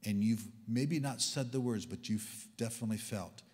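A man preaching a sermon as a guest speaker, swinging between loud exclamations and hushed whispers. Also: on the low side, normal speed, big-room sound. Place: church hall.

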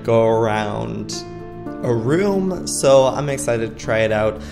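A man hosting a let's play of a horror game, jumpy and frightened, talking to himself and yelping. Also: mid-range voice. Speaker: gaming channel host.

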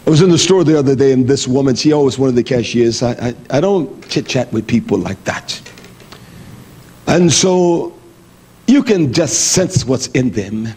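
With a slightly rough voice at a moderate pace, a middle-aged preacher delivers his sermon bluntly and with energy, swinging from high-pitched exclamations down to low muttering.

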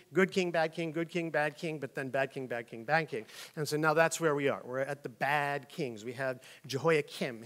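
A middle-aged male pastor preaching a casual sermon, telling a comic story with quick asides and acted-out voices. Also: a little high, a bit bright. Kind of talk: conversational sermon.

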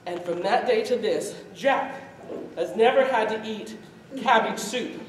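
Lively woman storyteller in an echoey hall. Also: mid-range voice, a little slow, recorded from a distance, slight background noise. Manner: lively, laughing often, acting out the scene. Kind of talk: oral folk tale telling to an audience. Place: event hall at a medieval arts festival.

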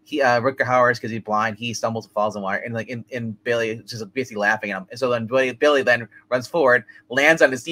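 A man with a medium-pitched, bright, forceful voice talks fast while hosting a movie review podcast. In casual chat, he rambles through a plot recap, packing it with fillers and laughter.

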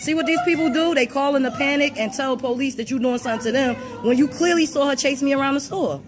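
A woman, filming on her phone in a mall store and giving loud, indignant commentary to the people around her. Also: sits high, fast, music in the background. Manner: loud, indignant, talking to onlookers. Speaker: filming shopper. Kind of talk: agitated live commentary while filming. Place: large store in a mall, indoors. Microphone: phone camera held by speaker.

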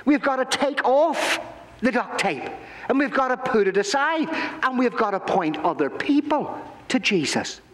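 A male pastor giving a children's sermon, telling stories in an animated, playful way in a church. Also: very high voice, measured pace. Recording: echoey church hall.

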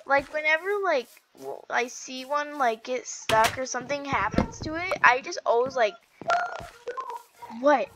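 A woman chatting casually while playing a video game, excitable and giggly, gasping and stammering as she goes. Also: high voice, unhurried, noisy background. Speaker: gaming video host. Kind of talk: casual gameplay chat.

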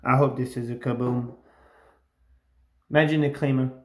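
A man filming himself scratching lottery tickets, bursting into loud repeated exclamations and catchphrases. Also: medium pitch, steady tone, moderate pace. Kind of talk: live reaction while scratching tickets. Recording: roomy echo.

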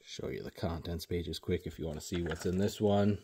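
A man selling books, casually showing off his newest purchases on video in a relaxed, unhurried way with frequent ums. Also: deep voice, slight background noise.

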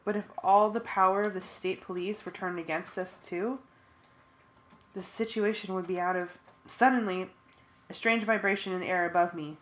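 A woman's voice: mid-range voice, steady tone, normal speed, a bit bright. Woman reading a fan audiobook. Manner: plain first-person storytelling. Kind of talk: audiobook narration.

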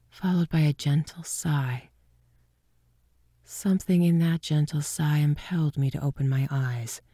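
A woman narrating a ghost story in a hushed voice that often drops to a whisper. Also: low voice, husky, no echo, studio quality.

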